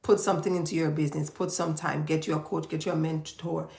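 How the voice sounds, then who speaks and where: A woman's voice: sits low, flat delivery, brisk, creaky, darkish tone. A woman giving a motivational talk to camera, emphatic and repetitive, in an echoey room. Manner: emphatic, preachy, repeats phrases for stress. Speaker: business owner giving motivational advice.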